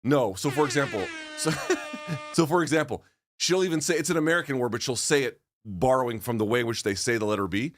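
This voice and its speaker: A man co-hosting a sports talk show in a studio, chatting in an animated, talkative way and cutting in often. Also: mid-range voice, fast talker, no echo. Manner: animated, chatty, talks over his co-host. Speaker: podcast co-host.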